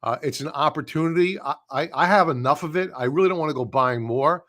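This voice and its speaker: Fast-talking and fairly high-pitched with a fairly bright tone, this man runs a live stock-trading stream. His commentary is casual and blunt, full of scoffing at headlines and emphatic repetition.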